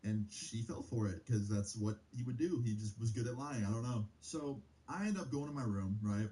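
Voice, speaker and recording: A man's voice: medium pitch, normal speed, mellow, rough recording. A young man telling a personal story in a heated, casual way, swearing freely. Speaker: streamer.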